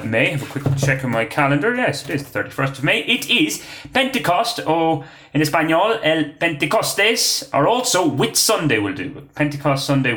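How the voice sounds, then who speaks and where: Guy reading quiz answers, bright lively voice, echoey room on a phone mic. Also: fairly high pitch. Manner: chatty, joking asides, frequent uh fillers. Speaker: quiz host. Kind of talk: casual pub quiz podcast.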